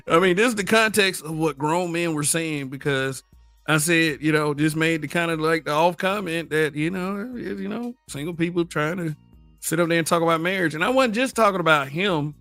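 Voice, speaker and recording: A man's voice: a little high, moderate pace, fairly bright tone, no echo, faint music behind. A middle-aged man from the American South with a Southern accent, hosting a livestream and talking bluntly and profanely in casual commentary, laughing often and answering his chat. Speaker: livestream host.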